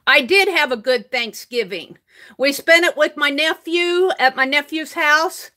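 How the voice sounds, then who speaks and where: A woman's voice: high-pitched, measured pace, bright, forceful tone. An older woman live-streaming her crafting, chatting casually, reading viewers' comments aloud and laughing often. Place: home craft room.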